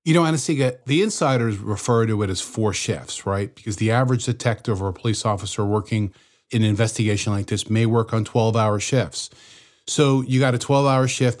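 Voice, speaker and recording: A man's voice: fairly low pitch, a little mellow. A man co-hosting a true-crime show, explaining investigative procedure step by step in a conversational way.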